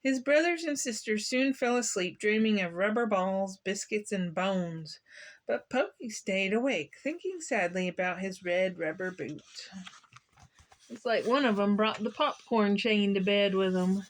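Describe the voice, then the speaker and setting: A woman's voice: medium pitch, expressive, a little slow. A woman reading a children's picture book aloud, playful and asking the listener questions. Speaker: children's story reader.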